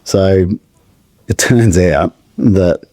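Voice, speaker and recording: Gravelly low-voiced man. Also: warm tone, no echo, clean studio sound. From Australia. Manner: halting, searching for words, with restarts. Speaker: podcast guest. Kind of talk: emotional personal storytelling.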